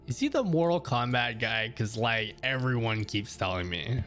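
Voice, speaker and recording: A man streams live and chats casually with viewers, rambling easily and laughing often. His medium-pitched, slightly bright voice is very animated at a normal speed with hardly any pauses, carried by a studio mic through an audio mixer over faint background music.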